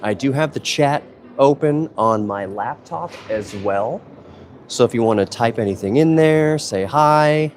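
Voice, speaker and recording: An easygoing man chats on a live stream from a museum hall, speaking into his phone camera. His pitch sits in the ordinary middle for a man. He rambles, thinking aloud as he goes. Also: lively intonation, unhurried. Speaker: museum content creator and live stream host. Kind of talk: casual live-stream chat. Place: indoor museum hall with public nearby.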